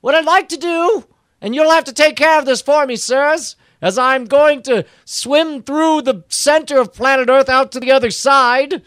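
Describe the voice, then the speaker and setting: A man doing a comic impression of a rich, absent-minded inventor-plutocrat filmmaker who shouts a lot. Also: extremely high pitch, no echo, pitched above the performer's own voice.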